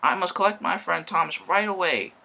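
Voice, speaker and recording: A man putting on a boastful young engine, high and gravelly. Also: animated, fairly quick, heavily acted. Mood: earnest. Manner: bragging, loud exclamations. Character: boastful red male tank engine, vain.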